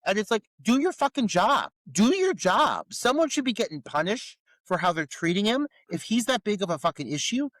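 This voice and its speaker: A man's voice: high-pitched, very animated, a little fast, few pauses, a bit bright, no room sound, poor audio. A man co-hosting a podcast in casual film review chat, exasperated and ranting in rhetorical questions with plenty of swearing. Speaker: podcast co-host.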